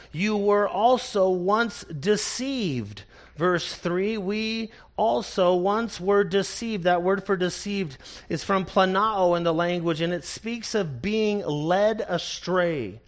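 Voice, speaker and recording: Male pastor, high-pitched, unhurried, earnest expository sermon delivery. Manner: earnest, emphatic preaching with repeated phrases; reads scripture slowly and deliberately.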